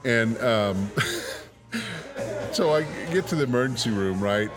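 A man telling a funny story in casual chat, animated and laughing often as he goes. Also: medium pitch, takes it slowly, music in the background.

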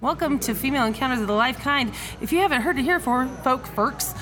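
A woman's voice: sits high, expressive, fast, low-quality recording. A woman co-hosting a casual podcast from a bar, playful and teasing, often laughing. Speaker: podcast co-host. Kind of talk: casual chat. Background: music.

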